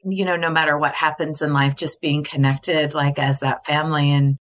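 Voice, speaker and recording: A woman's voice: low-pitched, level tone, normal speed. A middle-aged woman, a podcast guest, telling her family story in candid conversation and often laughing. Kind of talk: casual interview conversation.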